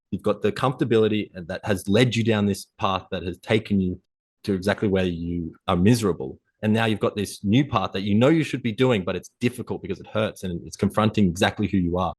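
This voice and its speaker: A man's voice: fairly low pitch, slightly rough, dry recording. A man speaking as a coaching guest on a podcast, talking intensely and motivationally with casual swearing. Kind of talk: conversational interview.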